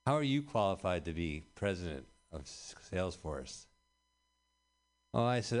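A man performing a stand-up comedy set in a small performance space, rambling and deadpan with sudden louder punchlines. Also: deep voice, normal speed. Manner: deadpan rambling delivery with bursts of loud punchlines. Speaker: stand-up comic. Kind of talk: stand-up set at open mic.

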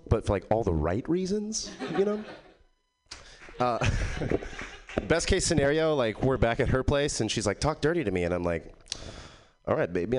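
A man from Texas doing a stand-up set at an open mic, with a loose, halting delivery full of ums. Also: on the low side, darkish tone. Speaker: stand-up comedian.

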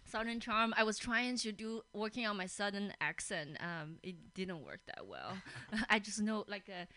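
A woman's voice: medium pitch, animated, normal speed, sharp tone. A woman hosting a radio podcast, telling stories in casual chat with lots of fillers and laughter. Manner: giggly storytelling with many fillers. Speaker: podcast host. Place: radio studio.

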